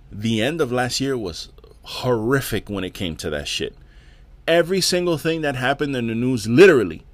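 Male podcast host, solo rant, profane and exasperated, mid pitch. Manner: profane, exasperated, repeats words.

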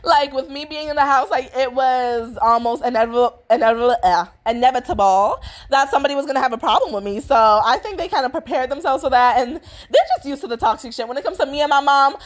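A woman's voice: high-pitched, quick pace, few pauses. A young woman vlogger telling a family story in casual, slangy chat, swearing freely and acting out what people said. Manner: animated, slangy, swears freely, acts out quotes.

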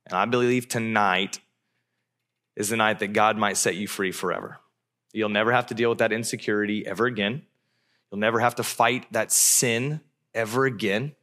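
Male pastor, sermon delivery, animated storyteller, bright and forceful tone. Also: fairly low pitch, normal speed. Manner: animated preacher who acts out voices.

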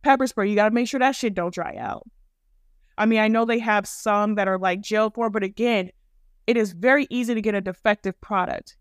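A woman's voice: mid-range voice, a little fast, clear, resonant tone, dry recording, clean studio sound. Blunt, profane woman podcast host. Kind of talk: opinionated commentary monologue.

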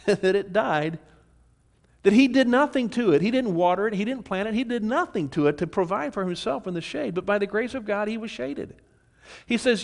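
A pastor with a high, creaky voice and lively intonation preaches passionately at a moderate pace. He often repeats words and restarts, and he acts out quoted voices.

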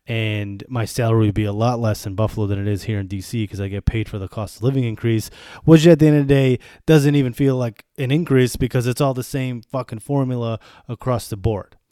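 A man's voice: mid-range voice, fairly even intonation, fairly quick, mellow, clear, resonant tone, dry recording, clean studio sound. A man in his thirties from the United States, hosting a podcast in a casual, profane rant. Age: 30s. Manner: profane, ranting. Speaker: podcast host. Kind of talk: casual monologue.

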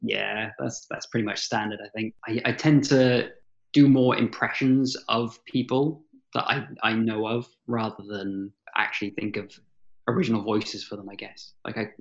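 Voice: medium pitch, fairly even intonation, normal speed, gravelly. Guest dm on a podcast, kinda hesitant, repeats words, chuckles a lot, dull lo-fi remote audio. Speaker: podcast guest, dungeon master. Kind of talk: casual chat.

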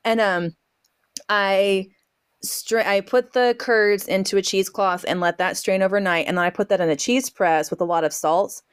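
A woman homesteader as a podcast guest, telling a story in a lively way and acting out her own quotes with fillers and laughs. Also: mid-range voice, normal speed, clean tone, no room sound, studio quality. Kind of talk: casual storytelling interview.

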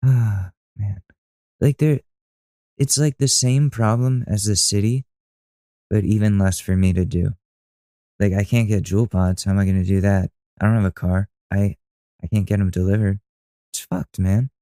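A man's voice: fairly low pitch, fairly even intonation, moderate pace, warm tone, no room sound, studio quality. A young man hosting a podcast, ranting casually and with exasperation, swearing freely. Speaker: podcast host. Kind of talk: casual rant to camera.

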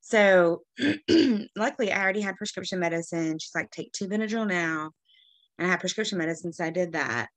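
A woman from Texas, co-hosting a podcast in casual chat, rambling through stories and clearing her allergy-irritated throat often. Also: fairly low pitch, a little fast, dry recording. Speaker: podcast co-host.

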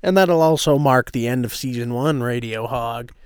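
A man's voice: mid-range voice, moderate pace, clean tone, dry recording, clean studio sound. A man hosting his own podcast, brash and swearing constantly in loose banter. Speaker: podcast host. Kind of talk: crude casual podcast banter.

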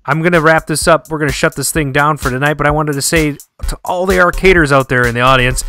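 A man's voice: a little high, fairly even intonation, fast talker, hardly any pauses, bright, forceful tone, soft background music. A man hosting a podcast, casual and encouraging, agreeing often and laughing easily. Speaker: podcast host. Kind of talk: casual radio podcast talk.

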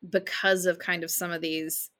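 Woman, lowish, bright tone, casual co-host full of fillers. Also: level tone, moderate pace. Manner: chatty, many "like" fillers, opinionated. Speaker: podcast co-host. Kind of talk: casual chat about films.

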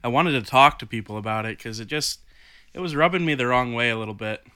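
A man's voice: medium pitch, fast talker, bright, forceful tone, clean tone, no echo, studio quality. A man co-hosting a podcast, chatting casually and easygoing, laughing readily. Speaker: podcast co-host.

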